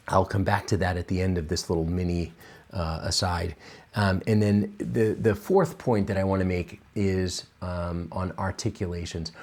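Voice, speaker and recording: A man gives a piano lesson in a low, slow voice. He explains each point patiently, pausing often with fillers as he searches for words. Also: a little mellow. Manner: unhurried, with frequent fillers. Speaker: piano teacher. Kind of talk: relaxed instructional explanation.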